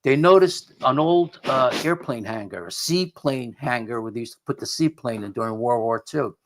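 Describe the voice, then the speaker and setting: A man's voice: medium pitch, moderate pace. A middle-aged man, a paranormal investigator guest, telling a story in a rambling way, often repeating and restarting his words. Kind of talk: conversational storytelling.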